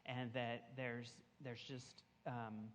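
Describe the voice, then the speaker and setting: A man, a camp pastor, telling a Bible story to children and leading them in call-and-response shouts. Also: medium pitch, takes it slowly. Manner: animated, leads kids in call-and-response shouts. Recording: long hall reverb.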